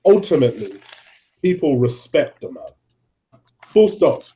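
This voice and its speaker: A man's voice: a little high, sing-song, measured pace, warm tone. A young man arguing his side of a football debate in an earnest way, often breaking in with "listen". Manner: earnest, interjects with "listen", laughs easily. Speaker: co-host.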